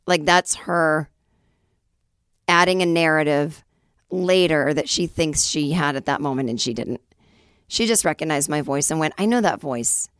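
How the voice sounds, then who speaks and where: A chatty woman in her forties tells a story on her podcast, acting out the people she quotes. Her voice sits low and is slightly raspy, recorded close and dry with no room sound. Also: dry recording. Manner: chatty, self-deprecating, acts out quoted voices. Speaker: podcast host. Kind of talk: casual storytelling monologue.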